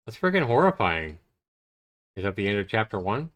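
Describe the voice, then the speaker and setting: A man's voice: lowish voice, a little fast. A man streaming a visual novel, reading its text aloud and commenting casually. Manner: casual, reactive, animated reading.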